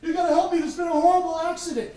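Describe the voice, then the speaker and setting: A frantic father bursts out in high, loud shouts for someone to help his child, put on by a male storyteller. The voice is strained and urgent. It is heard from afar in a reverberant room. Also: big pitch swings, brisk. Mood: panicked. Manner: panicky, shouting. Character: frantic father rushing his daughter to hospital. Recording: echoey room, distant mic.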